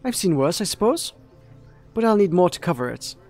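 A man's voice: sits high, sing-song, a little fast, a little mellow, soft background music, full character voice. A man voicing a pushy male market trader selling geckos in a video game, in eager, clipped sales patter. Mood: haggling.

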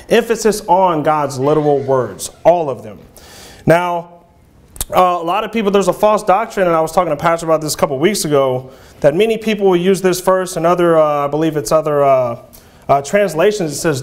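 A man preaching an earnest, halting sermon in a church, with frequent fillers and restarts. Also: high voice. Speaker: lay preacher.

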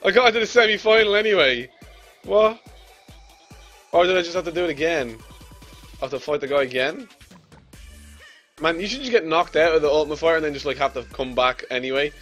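A man's voice: on the high side, fast talker, soft background music. Brash man commentating his game. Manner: brash and swearing, trash-talks the opponent, yells when losing. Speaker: gamer commentating his own play. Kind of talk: casual gameplay commentary.

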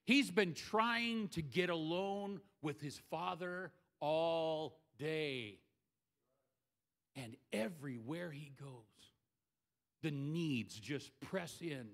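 Guy pastor preaching, pretty high voice, bright, jokey and conversational. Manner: conversational and humorous, acting out scripture scenes. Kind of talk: sermon.

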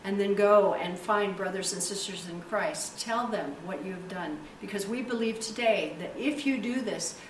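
A woman's voice: mid-range voice, normal speed, few pauses. A woman pastor preaching a sermon and leading prayer, emphatic and stretching key words for effect. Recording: echoey room, distant mic, faint hiss.

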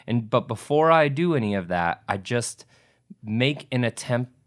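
A man's voice: mid-range voice, lively intonation, a little slow. A man co-hosting a podcast, talking casually and self-deprecatingly, often restarting his sentences. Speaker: podcast co-host. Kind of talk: casual conversation.

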